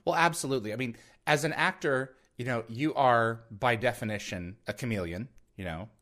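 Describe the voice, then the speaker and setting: A man's voice: medium pitch, normal speed, fairly bright tone. A man hosting an interview, asking questions with small hesitations. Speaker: interview host. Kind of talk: casual interview chat.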